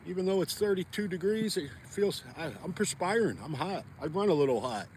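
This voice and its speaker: A man's voice: sits high, expressive, brisk, a little mellow, a little hiss or hum. A chatty, folksy man vlogging outdoors on a frozen lake, talking straight to his viewers. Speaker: fishing vlogger. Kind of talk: casual outdoor vlog talk.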